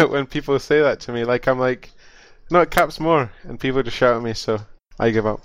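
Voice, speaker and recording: Joking co-caster guy, normal pitch, dry mic, ribbing the others. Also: fairly even intonation, fairly quick, smooth, dry recording. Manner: joking, teasing. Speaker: co-commentator. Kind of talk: casual banter.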